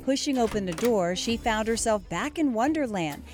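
A woman, a news anchor, reading a children's story aloud in an expressive, animated way. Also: a little high, moderate pace. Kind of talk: storybook narration.

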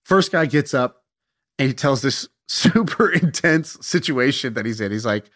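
A young man tells a casual story with animated, self-mocking energy. His voice sits in an ordinary middle pitch, and he swears freely as the anecdote rolls on. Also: measured pace.

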